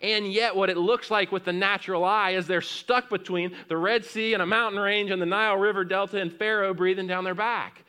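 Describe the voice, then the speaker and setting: Bright, clear-voiced preaching man. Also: high voice, steady tone, a little fast, few pauses. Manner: swings from loud rising exhortation to hushed near-whispers; asks the congregation questions and reads scripture aloud. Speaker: pastor. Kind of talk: sermon.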